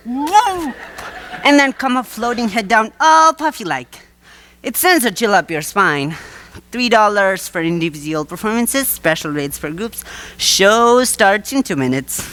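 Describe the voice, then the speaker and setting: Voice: medium pitch, animated, slow pace, bright, forceful tone. A teenage student actor playing a wheedling male waterfront huckster in a live school stage play, with a theatrical salesman's patter.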